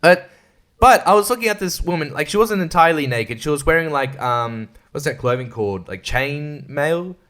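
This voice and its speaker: A man's voice: fairly high pitch, expressive, moderate pace, a bit bright. A man hosting a casual solo podcast, rambling and crude, swearing and laughing often. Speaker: podcast host.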